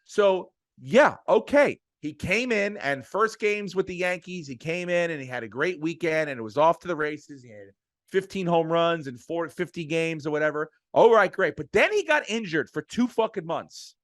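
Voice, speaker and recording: A man's voice: on the high side, animated, normal speed, fairly bright tone, dry recording, studio quality. A middle-aged man with an emphatic, profane delivery, ranting about sports as a podcast co-host. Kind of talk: heated sports podcast rant.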